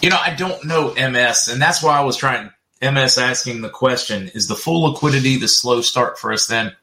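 Middle-aged man, livestream host, chatty, reads comments aloud, bright voice. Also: mid-range voice, normal speed. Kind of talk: casual livestream chat, reading viewer comments.

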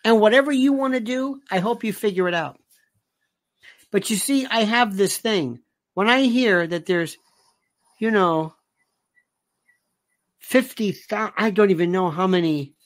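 A man's voice: high voice, moderate pace, long pauses. Sarcastic male commentary host. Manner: sarcastic, exasperated, with rhetorical questions and restarts. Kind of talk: casual political rant.

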